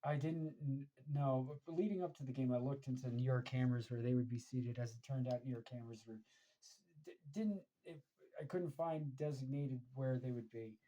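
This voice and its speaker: A man's voice: mid-range voice, normal speed, mellow, low-quality recording. An American man telling a casual, rambling story about a match, with many fillers and restarts. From United States. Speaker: fan podcaster.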